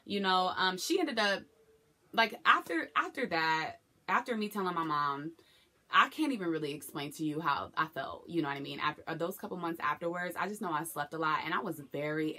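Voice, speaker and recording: Brief: young woman, low and bright voice, candid emotional vlog storytelling. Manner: candid, emotional retelling with acted quotes. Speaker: vlogger. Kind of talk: personal storytelling to camera.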